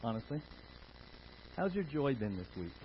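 A man's voice: mid-range voice, big pitch swings, normal speed, dull audio, slight background noise. A man preaching a sermon, leading the congregation with call-and-response questions. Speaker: pastor.

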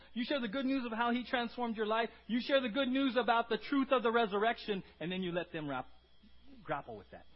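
Pastor guy preaching, chatty, says "right?" a lot, loud then quiet, kinda husky. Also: on the high side, highs cut off. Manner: conversational, frequent "right?" tags, swings from loud emphasis to quiet asides. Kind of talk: sermon.

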